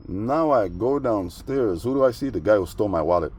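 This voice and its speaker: Rambling low-voiced man telling a story. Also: expressive, fairly quick, darkish tone, breathy edge. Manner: rambling, slangy, with frequent "you know what I mean". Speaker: vlogger. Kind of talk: casual storytelling vlog.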